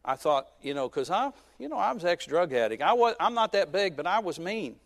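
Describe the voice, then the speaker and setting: A man in his fifties, a pastor preaching a sermon who tells a personal story with joking asides and swings between loud and soft. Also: high voice, very animated, brisk.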